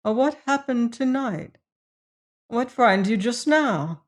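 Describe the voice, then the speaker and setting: A woman's voice: fairly high pitch, expressive, slow pace, pitched above the performer's own voice. A woman reading an audiobook, voicing a stern, baffled male prison warden who asks pointed questions. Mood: puzzled. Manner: demanding, questioning.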